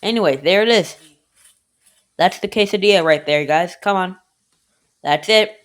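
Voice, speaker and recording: A woman with a lowish voice narrates a home cooking video at a moderate pace, casually rambling and joking to herself. She speaks to both herself and the viewer, filling gaps by repeatedly saying "anyway".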